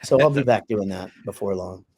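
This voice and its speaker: A man's voice: lowish voice, brisk, a little mellow, breathy edge. A middle-aged man co-hosting a podcast in casual chat, rambling loosely and swearing now and then. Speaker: podcast co-host.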